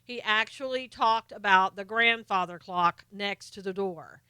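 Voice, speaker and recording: A woman's voice: mid-range voice, unhurried, sharp tone, clean tone, no echo. A middle-aged woman hosting a live stream, chatting casually and sarcastically about politics while greeting viewers by name.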